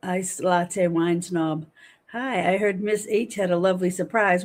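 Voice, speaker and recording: A woman's voice: on the low side, fairly even intonation, measured pace. A woman in her fifties hosting a casual livestream from home, chatting animatedly and reading viewer comments aloud. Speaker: livestream host.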